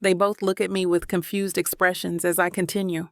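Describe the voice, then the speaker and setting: Gravelly-voiced woman narrating a romance. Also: on the low side, level tone, a little fast, hardly any pauses, dry recording, studio quality. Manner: dramatic, voices characters' lines with emotion. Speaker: audiobook narrator. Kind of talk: first-person romance audiobook narration.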